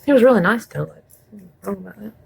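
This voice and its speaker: Chatty woman, gravelly and husky. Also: mid-range voice, lively intonation, fast, darkish tone, poor audio. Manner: chatty, rambling, folksy asides. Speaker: beauty vlogger. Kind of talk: casual makeup tutorial chat.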